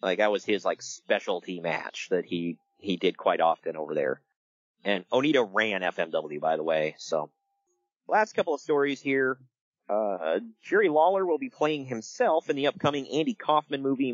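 A man hosting a casual podcast, telling stories in an animated way and laughing along. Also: on the low side, no echo, muffled recording. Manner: animated storytelling with laughs and quick impressions. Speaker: podcast host. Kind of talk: casual wrestling podcast chat.

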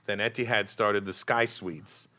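A man's voice: on the low side, fairly even intonation, measured pace, pushed and bright. A male comedian telling road stories in a casual podcast chat, swearing and acting out the people in them. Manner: swearing storyteller, acts out voices.

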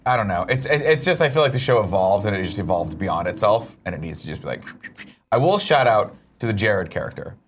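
A man's voice: lowish voice, sing-song, brisk, slight background noise. Emphatic, rambling male co-host. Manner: rambling and emphatic, swears freely. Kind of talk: casual chat.

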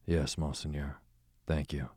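A man reading an audiobook, voicing a timid young boy who answers in a soft, deferential murmur. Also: extremely low pitch, flat delivery, measured pace, dry recording, clean studio sound.

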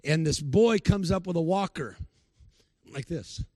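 A man's voice: on the high side, expressive, a little slow, warm tone, no room sound. A male preacher giving a sermon, telling stories and acting out the people he quotes. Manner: storytelling, acts out the people he quotes.

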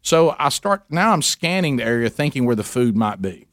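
A man's voice: medium pitch, moderate pace, no echo, studio quality. A middle-aged man co-hosting a radio show, telling a long story in casual chat and acting out the voices of the people in it. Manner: animated, acts out voices in his story.

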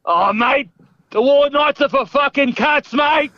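A man putting on a shouting, cranky veteran sports journalist, who keeps saying "mate" over a muffled phone line. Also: very high voice, unhurried, no room sound. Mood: ranting. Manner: yells, repeats "mate", blunt and combative. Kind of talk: comedy impression on a phone call.

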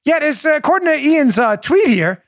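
Sarcastic man with a lively voice. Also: extremely high pitch, fairly quick, no room sound, clean studio sound. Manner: sarcastic, mocking, emphatic. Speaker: podcast host, former police officer. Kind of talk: political commentary podcast.

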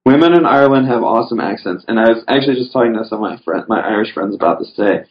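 A man with a fairly low voice talks in a casual podcast chat, wandering through his thoughts and padding them with fillers. The recording is dull and lo-fi, with little top end. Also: rapid-fire. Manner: rambling, full of "you know" fillers.

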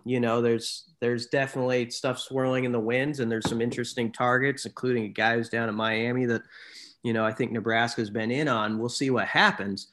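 A man's voice: mid-range voice, fairly bright tone. A man co-hosting a casual sports talk show, rambling and often correcting himself as he gives his opinions.

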